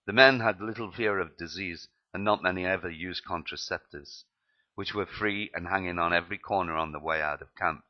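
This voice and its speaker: A man's voice: sits low, a little fast, lo-fi sound. A man reading his memoir aloud, plainly and with some slips and restarts. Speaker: narrator.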